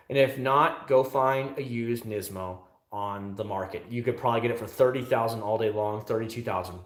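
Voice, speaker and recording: A man hosting a casual livestream, talking freely and answering viewers' questions in an animated way, outdoors by his van. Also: mid-range voice, echoey room. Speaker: livestream host.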